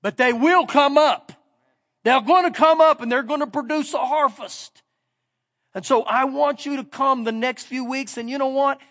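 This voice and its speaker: A man's voice: very high voice, moderate pace, a bit bright. A middle-aged man preaching a sermon, telling stories in a folksy way and building to emphatic points. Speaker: pastor. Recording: long reverb of a big hall.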